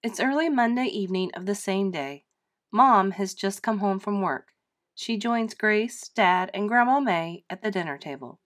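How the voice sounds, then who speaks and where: A woman teacher reading a play aloud for children, with clear, measured narration. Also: mid-range voice, expressive. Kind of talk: classroom read-aloud narration.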